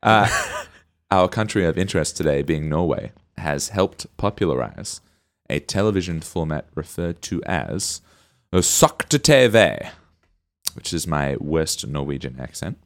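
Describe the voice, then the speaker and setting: A man with a deep, low voice co-hosts a casual comedy podcast. He rambles through his points and laughs often between lines. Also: moderate pace. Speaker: podcast co-host.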